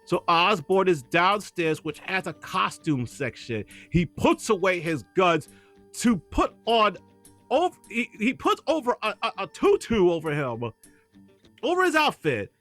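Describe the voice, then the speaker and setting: Over soft background music, a high-pitched male co-host chats casually about a film at a measured pace. He animatedly recounts scenes, performs movie lines, and laughs a lot along the way.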